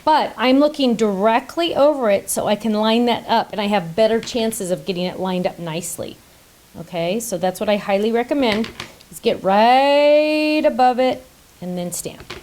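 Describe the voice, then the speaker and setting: Woman, craft tutorial host, chatty, playful, slightly high voice, faint hiss behind. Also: darkish tone, low-quality recording. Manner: chatty, self-deprecating, playful sound effects. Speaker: card-making host. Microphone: top-down camera setup.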